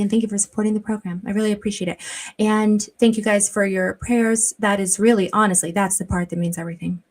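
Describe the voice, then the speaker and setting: A woman's voice: medium pitch, darkish tone. A woman hosting a casual livestream from her office. She talks in a rambling, chatty way, full of "like" and "blah, blah". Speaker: livestream host. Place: her office without air conditioning.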